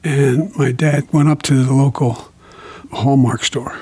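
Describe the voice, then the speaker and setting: An older man as an interview guest, speaking slowly and haltingly with many fillers while reflecting on grief. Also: mid-range voice, fairly even intonation, darkish tone. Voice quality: gravelly, husky. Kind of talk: reflective conversation about grief.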